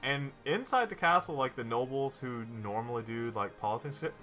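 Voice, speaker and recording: A man's voice: medium pitch, expressive, moderate pace, sharp tone, soft background music. A man narrating a tabletop game as game master, in a loose style with many fillers.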